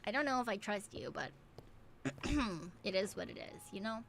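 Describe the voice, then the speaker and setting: A woman's voice: medium pitch, lively intonation, normal speed, a bit bright, slight background noise. A woman streamer giving casual gameplay commentary, playful and swearing freely.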